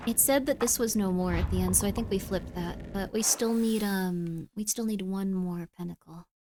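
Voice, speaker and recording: A woman streaming a horror game live, chatting in a rambling way, full of "like", venting about the combat and then softening. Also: medium pitch, normal speed, noisy background. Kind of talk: live gameplay commentary. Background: game music.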